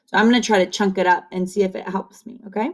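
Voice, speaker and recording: A woman teaching kindergarten phonics on video, drilling sounds slowly and cheering the children on. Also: medium pitch, fairly even intonation. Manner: slow, encouraging call-and-repeat drilling. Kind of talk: online phonics lesson. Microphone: camera facing the speaker.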